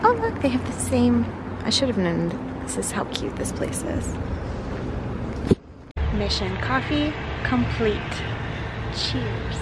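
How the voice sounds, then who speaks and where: A woman vlogging through her day, talking casually to the camera and now and then to her dog in a high sing-song voice. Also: heavy background noise. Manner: chatty, talks to her dog in a high baby voice. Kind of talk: casual vlog chat. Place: car, street and home porch, some outdoors.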